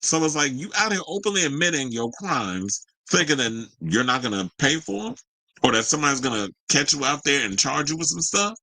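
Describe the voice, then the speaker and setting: A man's voice: a little high, animated, fairly quick, bright, forceful tone, dry recording, rough recording. A man hosting a celebrity news show, reading stories and breaking off into loose, sarcastic, joking asides in casual slang.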